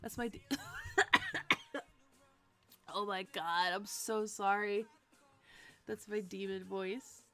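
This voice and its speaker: A woman's voice: medium pitch, steady tone, slow pace, long pauses, fairly bright tone, faint music behind. A young woman streaming to her viewers in a bubbly, giggly casual chat.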